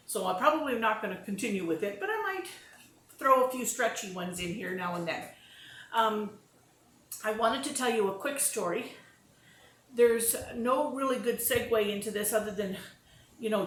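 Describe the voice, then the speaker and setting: A woman in a casual vlog, chatty and self-deprecating, narrating her movements step by step. Her voice sits at an ordinary middle pitch. The room echoes noticeably, with a faint hum of ambience behind her. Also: fairly bright tone. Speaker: vlogger demonstrating exercises and telling stories. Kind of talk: casual talk to camera. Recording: roomy echo with faint ambience.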